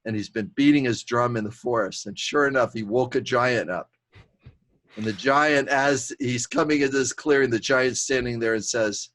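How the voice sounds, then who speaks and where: A man hosting a podcast, telling a fable in an animated way and chuckling at his own tale. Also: medium pitch, normal speed. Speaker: podcast host. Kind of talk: storytelling, conversational.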